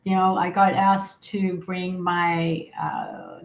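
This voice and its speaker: A woman guest in a relaxed podcast conversation, answering easily and tossing in quick friendly reactions. Her voice carries a noticeable room echo. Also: lowish voice, creaky. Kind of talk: casual chat.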